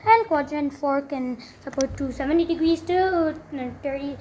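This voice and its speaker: Her voice sits high with a dark tone, moving at normal speed over slight background noise. The young woman is tutoring math in a relaxed, talkative way, writing as she explains and peppering it with fillers and corrections of herself.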